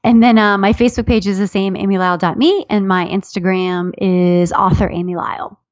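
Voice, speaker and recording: A woman author and comedian telling a self-deprecating story in a casual interview, chatty and animated, often restarting her sentences. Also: mid-range voice, fairly quick, no echo, muffled recording.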